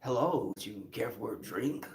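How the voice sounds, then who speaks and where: A man voicing a portly man making smooth, suggestive come-ons at a club, in a quiet, lower voice. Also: expressive, normal speed, lightly acted. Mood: flirty. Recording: roomy echo.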